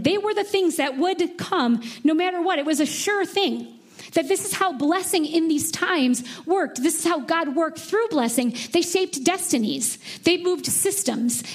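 High-voiced woman preaching casually. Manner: casual, animated, lots of "like" and "right?". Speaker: pastor. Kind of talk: sermon.

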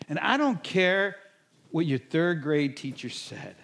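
Animated pastor preaching. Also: male voice, slow pace, vocal fry. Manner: animated, acts out quoted reactions with sudden high-pitched bursts. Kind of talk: sermon.

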